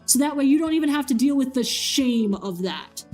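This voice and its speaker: A woman voicing a stern goddess of love who calmly hands down a harsh sentence. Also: high-pitched, normal speed, faint music behind. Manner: stern, matter-of-fact.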